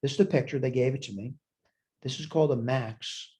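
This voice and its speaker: Mellow-voiced man teaching math. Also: medium pitch, a little fast. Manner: thinks aloud while working, chatty and self-deprecating. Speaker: college math instructor. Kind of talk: recorded math lecture.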